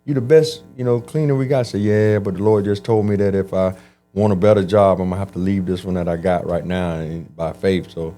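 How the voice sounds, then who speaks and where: A man telling his life story in an interview, animated and acting out the voices of people he quotes. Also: low voice, brisk, soft background music. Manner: animated, acts out quoted voices, frequent restarts. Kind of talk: conversational storytelling.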